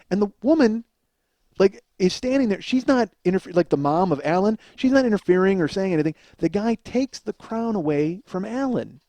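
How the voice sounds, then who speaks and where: A man's voice: high voice, lively intonation, a little fast, warm tone, dry recording. A man hosting a podcast, telling a comic story in a profane, exasperated ranting way. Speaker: podcast host. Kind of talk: comedic storytelling monologue.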